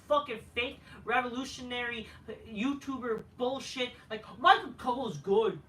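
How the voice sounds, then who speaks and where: A woman's voice: a little high, moderate pace, background noise. Profane, sarcastic woman ranting in echoey room. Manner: crude, sarcastic, heated. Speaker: wrestling show reviewer. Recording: echoey room, far from mic.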